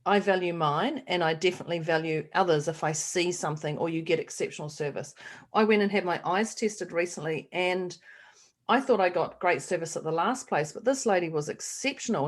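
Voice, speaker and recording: A middle-aged woman co-hosting a casual podcast chat, animated and laughing often as she acts out quoted voices. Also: on the low side. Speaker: podcast co-host.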